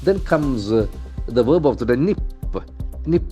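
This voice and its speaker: A man teaching vocabulary from newspaper headlines, repeating and spelling out words slowly. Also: medium pitch, lively intonation, dark tone, soft background music. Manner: slow, repetitive, spells out and stresses words. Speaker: English language trainer.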